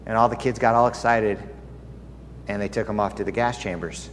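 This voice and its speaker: A man's voice: fairly low pitch, steady tone, brisk, slight background noise. A man preaching as a pastor, earnest and confiding as he tells a personal story within a sermon. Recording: long hall reverb, faint ambience.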